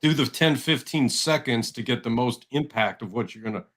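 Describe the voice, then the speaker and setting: A man's voice: mid-range voice, normal speed, fairly bright tone. A man co-hosting a sports radio show, talking in a friendly, rambling way with plenty of fillers. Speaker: radio co-host. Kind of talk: casual radio sports chat. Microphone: studio microphone.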